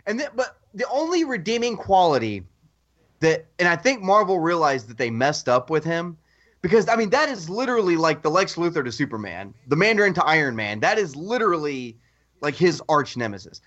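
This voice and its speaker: Animated man on dull lo-fi audio. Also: fairly high pitch, brisk. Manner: animated, excitable storytelling. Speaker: podcast co-host. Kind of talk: casual chat.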